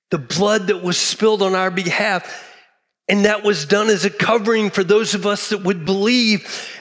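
A middle-aged pastor from Texas preaches a sermon emphatically, repeating key phrases. His voice sits high and is a bit bright.

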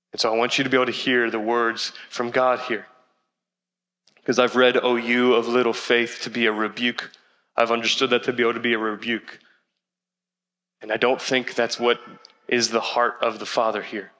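A man preaching in an earnest, conversational way, with casual slang mixed in. His voice is bright and forceful, and his pitch stays fairly flat. The sound carries a long reverb, as in a big hall. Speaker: pastor. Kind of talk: sermon.

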